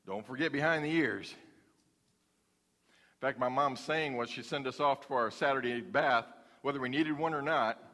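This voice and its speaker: A man's voice: medium pitch, unhurried, pauses often, sharp tone. A male pastor preaching a folksy, humorous sermon in a church. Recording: long hall reverb.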